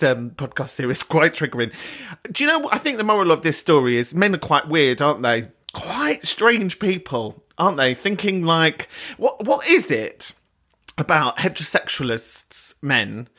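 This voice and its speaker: A man hosts a podcast in a bright, forceful voice, with pitch that swoops up and down. He rambles, swears freely and keeps dissolving into giggles. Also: big pitch swings, moderate pace. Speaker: podcast host. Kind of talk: casual chat.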